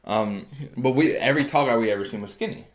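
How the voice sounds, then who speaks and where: A man's voice: mid-range voice, fast, echoey room. A man co-hosting a podcast, telling blunt, profane stories in casual banter. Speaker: podcast co-host.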